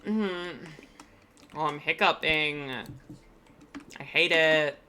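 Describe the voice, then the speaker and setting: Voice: mid-range voice, extremely slow, pushed and bright, slight background noise. A streamer giving live gameplay commentary, chatty and rambling with frequent ums.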